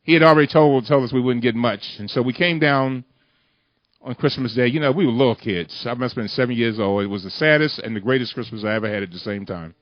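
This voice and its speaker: A man's voice: medium pitch, quick pace. A man giving an impassioned speech to a union audience with an emphatic oratorical cadence, repeating lines for effect. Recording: muffled lo-fi recording.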